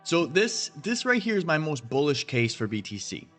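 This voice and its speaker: Soft music sits behind this man's fairly bright, higher-pitched voice, which swings widely in pitch at a moderate pace. He runs a crypto trading channel and addresses viewers head-on, delivering an emphatic, foul-mouthed rant while explaining his charts.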